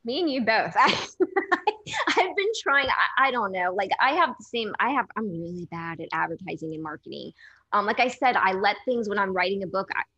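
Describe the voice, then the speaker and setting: A woman's voice: mid-range voice, expressive, fairly quick, sharp tone, husky, muffled recording. A woman talking as a guest in a casual chat, candid and self-deprecating, rambling a little. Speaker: author guest.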